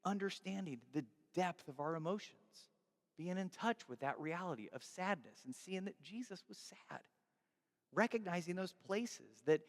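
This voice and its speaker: A man's voice: on the high side, big-room sound. A man preaching a sermon as pastor, earnest and pleading, building to fervent rhetorical questions.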